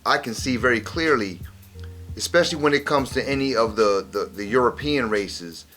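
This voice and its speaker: A man hosts a relaxed discussion at an everyday pitch, prompting his guest and circling back over his points. Faint music runs underneath. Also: normal speed. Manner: prompting, explaining, repeats himself. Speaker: podcast host. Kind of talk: casual discussion.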